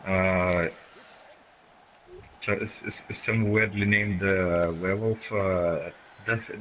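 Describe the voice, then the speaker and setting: Slow, deep-voiced, hesitant male co-commentator. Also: steady tone, a bit bright, highs cut off, a little hiss or hum. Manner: hesitant, many fillers. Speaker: game co-commentator. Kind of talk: video game match commentary.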